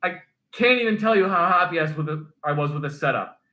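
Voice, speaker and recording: A male streamer and military veteran telling profane, animated stories in casual chat. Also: on the high side, quick pace. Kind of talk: casual storytelling on a drunkstream.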